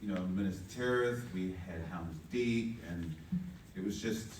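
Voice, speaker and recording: Deep-voiced man teasing on a panel. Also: unhurried, a little hiss or hum. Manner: dry, teasing humor. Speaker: actor on a film cast panel. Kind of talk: panel chat. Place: large convention hall. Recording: echoey hall, distant mic.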